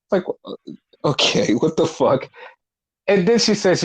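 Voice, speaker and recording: A man chatting casually on a podcast, recapping wrestling with lively, swearing retellings and acted-out quotes. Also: sits high, a little slow, breathy edge. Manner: animated, swears freely, acts out quotes. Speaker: podcast co-host.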